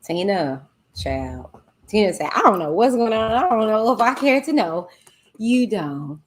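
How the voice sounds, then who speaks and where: A woman's voice: medium pitch, big pitch swings, slight background noise. A woman hosting a casual livestream, chatting with viewers and reading their comments aloud. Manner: chatty, drawn-out exclamations, talks to viewers as "y'all" and "child". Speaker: livestream host.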